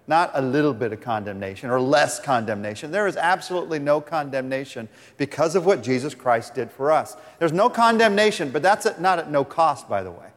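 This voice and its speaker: A pastor preaching a sermon, earnest, reading scripture aloud with the congregation. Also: male voice, a little high, lively intonation, a little fast, few pauses. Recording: long reverb of a large hall.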